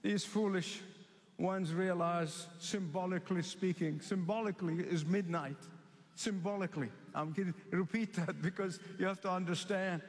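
A man from the Middle East delivers a sermon in a notably high voice. He drives points home by repeating phrases and slowing down on the words he stresses. His voice rings with the long reverb of a large hall. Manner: emphatic and repetitive, with slow stressed phrases. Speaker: preacher.

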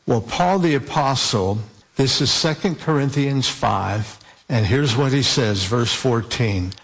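A man preaching a sermon, slowly and deliberately, stretching out key words for emphasis. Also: medium pitch, a bit bright, husky.

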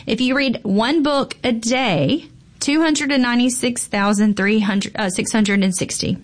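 A woman's voice: a little high, a little slow. A woman pediatrician talking casually and emphatically, with frequent fillers and repeated phrases for stress. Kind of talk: casual podcast chat.

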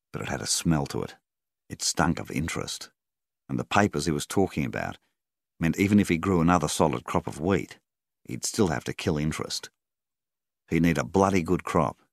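A man narrating a story in a measured, steady reading style. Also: a bass voice, creaky, dry recording, clean studio sound. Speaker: audiobook narrator. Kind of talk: scripted narration.

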